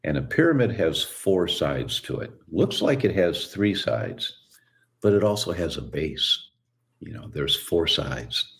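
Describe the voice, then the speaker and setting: A man telling stories as a guest in an interview, relaxed and acting out the voices of people he quotes. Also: low voice, a little slow, creaky. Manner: relaxed storyteller who acts out quoted voices. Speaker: guest, chiropractor. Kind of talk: storytelling interview answer.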